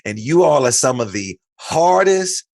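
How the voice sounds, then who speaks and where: A man's voice: medium pitch, a little slow, gravelly, dry recording, clean studio sound. Playful Chicago man hosting a podcast. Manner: animated, playful, talks up his guest. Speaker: podcast host. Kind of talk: casual interview chat. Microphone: studio mic.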